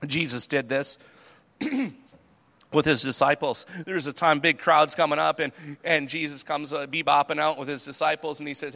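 A man preaching a sermon in a conversational, animated way, acting out the people he talks about. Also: a little high, moderate pace, vocal fry. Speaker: pastor.

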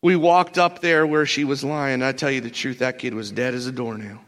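A man playing the apostle Peter as an excitable, laid-back fisherman, telling his stories in slangy first person with lots of stammered restarts. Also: medium pitch, normal speed, natural voice. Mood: excited storytelling. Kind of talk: first-person character monologue.

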